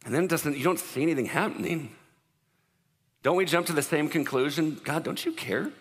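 A man's voice: on the high side, a little fast. A man preaching a sermon in a conversational, joking way. He often puts questions to the congregation. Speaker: pastor. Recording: long reverb of a large hall.

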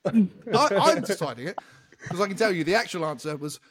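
A man from the United Kingdom hosting a podcast quiz with animated, teasing, casual banter. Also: sits high, a little fast. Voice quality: animated, teasing, swears freely. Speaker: quizmaster and podcast host. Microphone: podcast microphone.

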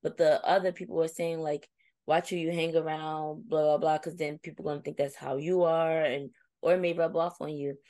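A woman's voice: deep voice, normal speed, no echo. A young adult woman co-hosting a casual chat, telling a reflective story and acting out her friends' replies. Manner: reflective, storytelling, animated when quoting friends. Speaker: co-host.

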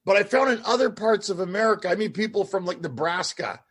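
Host, man from Canada, high husky voice, loose rambling talk. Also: fast talker. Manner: rambling, animated, trails off and restarts. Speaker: podcast host. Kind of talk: casual chat.

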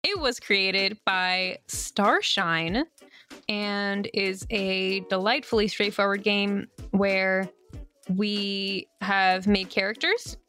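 Woman co-host, upbeat and profane, bright voice, faint music under her, casual rules chat. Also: medium pitch, slow. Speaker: co-host and game runner.

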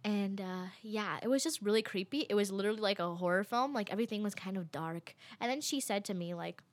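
A young woman casually telling a story, chatty and full of fillers, quoting people with lively voices. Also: medium pitch, fast.

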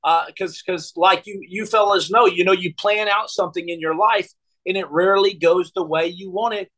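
A man's voice: high voice, fairly even intonation, moderate pace, a bit bright, rough recording. A man in his forties telling a long personal story as a podcast guest, rambling and repeating words with many fillers.

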